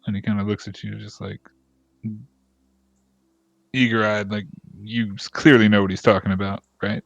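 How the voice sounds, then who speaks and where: A man's voice: lowish voice, level tone, normal speed, creaky, pauses often, dry recording. A man narrating a tabletop game as game master in a loose, filler-heavy way. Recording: dull, dry, lo-fi sound.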